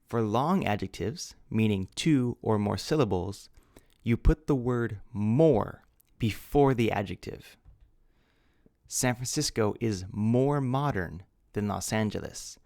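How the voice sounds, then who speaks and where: This English teacher speaks in a low, gravelly voice, working through grammar at an unhurried, deliberate pace, spelling words letter by letter and explaining every rule with patience. His tone is darkish, and the close, dry sound carries no room ambience.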